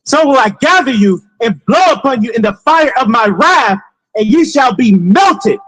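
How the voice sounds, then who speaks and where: A man's voice: very high voice, expressive, moderate pace, fairly bright tone, poor audio. A man reading scripture aloud in short phrases on a preacher's cue, repeating lines when asked.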